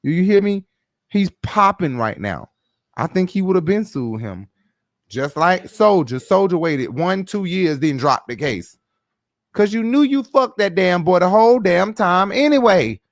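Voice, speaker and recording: A man's voice: high voice, animated, unhurried, no echo, clean studio sound. Blunt, foul-mouthed gossip host, man. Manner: profane, blunt and opinionated. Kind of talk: casual gossip commentary.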